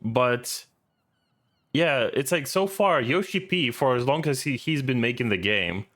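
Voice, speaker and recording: A man's voice: mid-range voice, lively intonation, unhurried, fairly bright tone. A man streaming and reacting to a video in casual, rambling commentary, swearing often and laughing easily.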